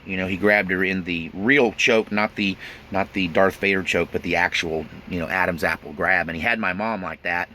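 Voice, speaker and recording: Candid man with a bright voice. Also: low voice, slight background noise. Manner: candid, nervous laughter, blunt, folksy. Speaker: autobiographical storyteller. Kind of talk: casual spoken memoir.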